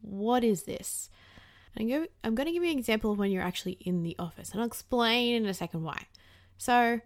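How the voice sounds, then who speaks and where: A woman's voice: on the high side, fairly quick, no room sound. A young woman hosting a podcast, talking candidly in a casual monologue, swearing freely and using lots of fillers. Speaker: podcast host.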